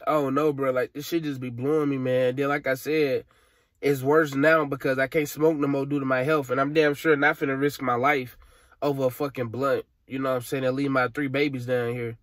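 A man's voice: mid-range voice, level tone, normal speed, fairly bright tone, no echo, studio quality. Tearful young man venting. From Alabama, USA. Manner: frustrated, rambling, profane, slangy. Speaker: vlogger. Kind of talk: emotional vent to camera.

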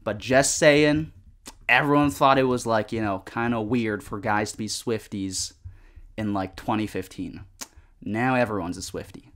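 A man's voice: on the low side, measured pace, fairly bright tone. A young man chatting casually while playing a game, rambling with lots of fillers and swearing at the game. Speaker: gaming vlogger. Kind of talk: casual chat over gameplay.

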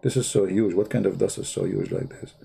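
A man's voice: low voice, fairly quick, creaky, warm tone, slightly rough. A man hosting his own channel, giving sarcastic commentary while he draws, with rambling asides and mocking rhetorical questions. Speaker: channel host.

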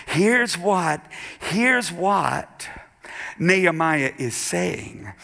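A male pastor preaching a sermon in a church, building from quiet emphasis to shouted, half-sung refrains. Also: high-pitched, lively intonation, drawn-out words, vocal fry. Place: church sanctuary with keyboard accompaniment. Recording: live church service with music behind. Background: keyboard music.

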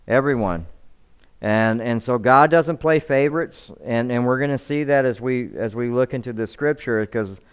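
A man preaching a sermon as pastor, his voice smooth and resonant at an ordinary middle pitch. He reads scripture aloud and often stumbles into repeated words while restarting his thoughts. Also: normal speed, hardly any pauses. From United States.

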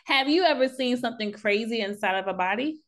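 A woman hosting a podcast in a relaxed chat, with a fairly high voice that swings widely in pitch. She asks curious questions and reacts expressively to what her guest tells her. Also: fast talker. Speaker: podcast host. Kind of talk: casual interview chat.

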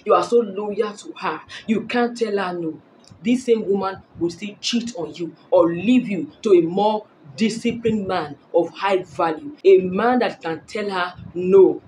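A woman's voice: mid-range voice, darkish tone, slight background noise, poor audio. Emphatic woman giving blunt dating advice. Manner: emphatic, preachy, repeats phrases for emphasis. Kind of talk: direct-to-camera advice talk.

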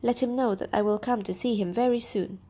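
A woman voicing a kindly, earnest old gentleman in a storybook reading, asking eager questions. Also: on the high side, fairly even intonation, brisk, breathy edge.

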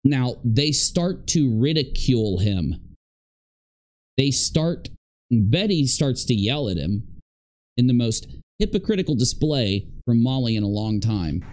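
Emphatic man with a lively voice. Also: mid-range voice, unhurried. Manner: emphatic, indignant, repeats points for stress. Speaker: commentator reacting to clips. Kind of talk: reaction commentary.

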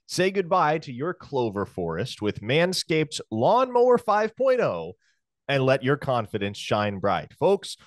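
Casting: man doing a hokey mock-Irish pitchman, lively sing-song lilt, dry close sound. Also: dry recording. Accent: mock Irish slipping toward Scottish.

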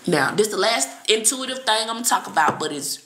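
A woman reading and chatting on a live stream, blunt and profane, with sudden shouts and laughs. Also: mid-range voice, animated, a little fast, roomy sound. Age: adult with children. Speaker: psychic reader on a live stream. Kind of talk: casual live-stream talk.

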